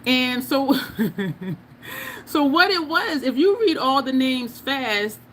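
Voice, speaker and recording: A woman's voice: sits high, expressive, slow, a bit bright, slight background noise. A woman hosting a casual makeup livestream, chatting, laughing often and reading viewer comments aloud. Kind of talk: casual livestream chat while doing makeup.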